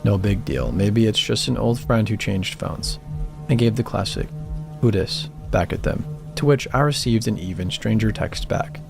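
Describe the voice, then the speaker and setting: A man narrates scripted horror stories in a calm, even manner. His voice sits low and has a gravelly edge. Steady music plays clearly beneath him. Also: normal speed. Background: background music.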